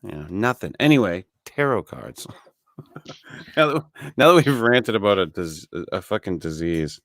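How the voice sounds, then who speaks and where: A man's voice: fairly low pitch, animated, moderate pace, fairly bright tone, no echo. A man co-hosting a podcast, ranting casually with lots of swearing and restarts. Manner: profane ranting, many restarts. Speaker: podcast co-host.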